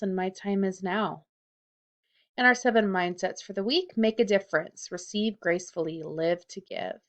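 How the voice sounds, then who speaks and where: In a muffled recording, a woman who teaches high school narrates a lesson over slides. She explains things clearly and reads the questions and answers aloud.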